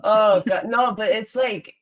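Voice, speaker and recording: A woman's voice: mid-range voice, a little slow. Chatty young woman telling a story. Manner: animated, laughs often, acts out quotes. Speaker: podcast host. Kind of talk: casual storytelling chat.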